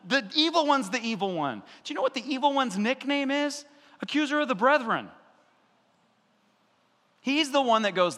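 A male pastor preaching a sermon in an animated, conversational way, acting out voices and adding asides. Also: very high voice, normal speed, long pauses, big-room sound.

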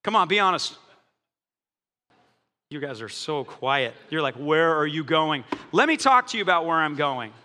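A man, a pastor, preaching a sermon in a church, animated and jokey with strong emphasis. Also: fairly high pitch, normal speed, pauses often. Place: church hall. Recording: echoey church hall.

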